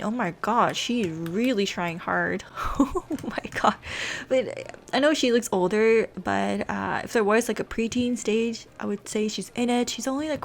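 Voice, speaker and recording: A woman's voice: mid-range voice, a little hiss or hum. Chatty, giggly woman narrating a game story. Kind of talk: casual let's-play storytelling.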